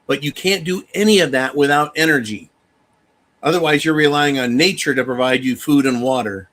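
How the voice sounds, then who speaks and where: Male livestream host, bright and somewhat high voice, emphatic, blunt and profane. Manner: emphatic and animated, addresses viewers as folks, swears freely. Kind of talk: casual livestream commentary.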